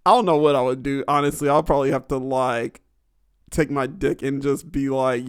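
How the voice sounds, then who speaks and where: A man's voice: medium pitch, fairly even intonation, moderate pace, smooth, no echo, studio quality. A young adult man hosting a podcast, rambling crudely through a casual monologue and laughing often. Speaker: podcast host.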